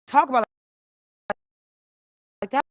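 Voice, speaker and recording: A middle-aged woman hosting a live stream, telling a story in an animated, emphatic way with many restarts. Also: slow pace, no echo, studio quality. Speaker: host.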